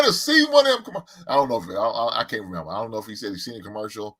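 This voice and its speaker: Animated, profane man hosting a casual stream. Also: lowish voice, very fast, few pauses. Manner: loose, profane, laughing, talks to chat. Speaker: podcast host. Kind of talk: casual live-stream chat.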